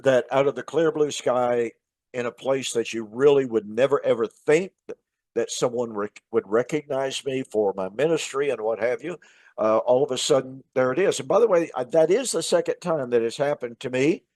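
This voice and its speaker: A man, a minister hosting his show, telling a casual personal story in a chatty, relaxed way with many "uh" fillers. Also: medium pitch, normal speed, no room sound.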